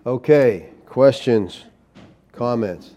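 A man's voice: mid-range voice, drawn-out words, warm tone, reverberant. Male pastor, conversational teacher, plain-spoken delivery. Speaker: pastor leading a Bible study. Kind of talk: teaching sermon with group discussion.

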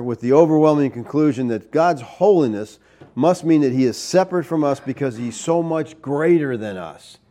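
Animated preaching man, higher voice. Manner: animated preaching, rhetorical asides. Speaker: pastor. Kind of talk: sermon.

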